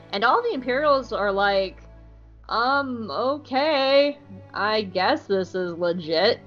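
A woman co-hosting a podcast, recapping an episode in a playful, irreverent way. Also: fairly high pitch. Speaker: podcast co-host. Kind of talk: casual recap commentary. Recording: dull lo-fi podcast audio.

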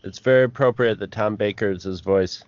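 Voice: sits low, fairly quick, a little mellow, highs cut off. A podcast co-host chiming in with brief, casual comments about an episode. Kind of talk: casual chat.

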